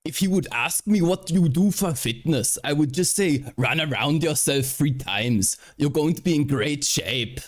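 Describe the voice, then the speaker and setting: A man doing a tongue-in-cheek impression of a gruff, Austrian-accented male action star turned politician, with a clipped, blunt delivery. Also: mid-range voice, animated, a little fast, few pauses, lightly acted. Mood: quipping.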